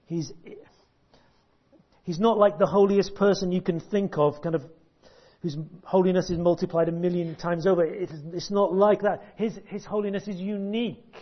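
A man preaching a sermon, emphatic and deliberate, with long pauses, repeated words and sudden hushed drops. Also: sits high, fairly even intonation. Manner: drops to a hush at key points. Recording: dull lo-fi recording.

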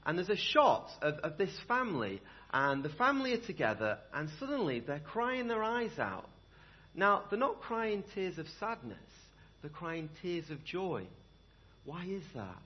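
A young man delivers a lively sermon, his voice swinging up and down with energy. His tone is slightly husky and a touch high, and he keeps asking the congregation rhetorical questions. The sound is a dull, lo-fi recording from a church. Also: unhurried. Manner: animated, conversational, asks the room rhetorical questions. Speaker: preacher. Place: church hall.

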